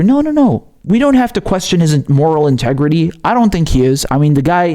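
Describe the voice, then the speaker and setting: A man's voice: fairly high pitch, a little mellow. A man from Syria hosting his own political commentary show, ranting with heavy profanity and stumbling over repeated words as he gets worked up. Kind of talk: heated political commentary rant.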